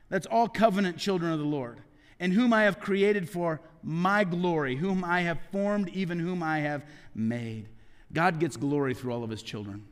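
Middle-aged pastor guy preaching, highish voice, dips real soft n low sometimes, long church echo. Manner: preaching with sudden drops to a low hushed voice. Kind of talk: sermon. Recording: long hall reverb.

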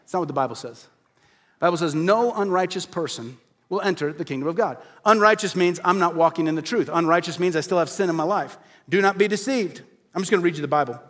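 A man with a voice that sits high preaches earnestly and plainly to his congregation. Rhetorical questions punctuate the sermon, and he slows to quietly stress the phrases that matter most.

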